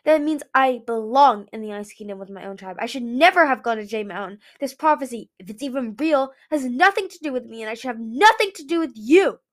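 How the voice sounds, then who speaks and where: A woman's voice: high-pitched, lively intonation, normal speed, pitched above the performer's own voice. Winter, a cold proud ice dragon read by a woman. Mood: angry. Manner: sharp and forceful, snapping.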